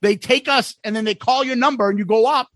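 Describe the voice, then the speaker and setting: A man co-hosting a podcast, telling travel stories in a casual, profane, animated way. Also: extremely high pitch, fairly quick, no room sound. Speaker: podcast co-host. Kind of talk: casual chat.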